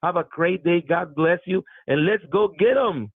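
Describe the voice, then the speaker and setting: A middle-aged man giving an excited, repetitive motivational talk on a business call over the phone. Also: high-pitched, moderate pace, no echo. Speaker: business team leader on a group call. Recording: dry phone line.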